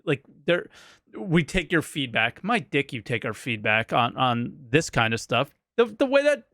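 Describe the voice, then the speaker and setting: A man's voice: medium pitch, huge pitch swings, moderate pace, fairly bright tone, no room sound, studio quality. A man hosting a casual podcast chat, blunt, exasperated and swearing freely. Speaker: podcast host.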